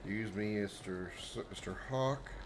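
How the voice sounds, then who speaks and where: A man's voice: fairly low pitch, normal speed, music in the background, low-quality recording. A man streaming a video game live, rambling and joking with his chat in casual commentary. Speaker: livestreamer.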